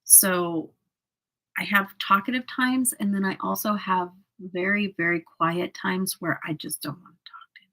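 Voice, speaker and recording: A woman's voice: mid-range voice, fairly even intonation, a little slow, bright, forceful tone, low-quality recording. A woman hosting a casual makeup livestream, laughing often as she chats and answers viewer comments. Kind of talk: casual livestream chat while doing makeup.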